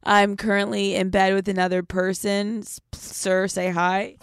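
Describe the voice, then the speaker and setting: A young woman hosting a casual vlog-style podcast, excitable and profane, laughing often as she talks. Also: medium pitch, unhurried, clear, resonant tone, no room sound, clean studio sound. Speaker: podcast host. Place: hotel room.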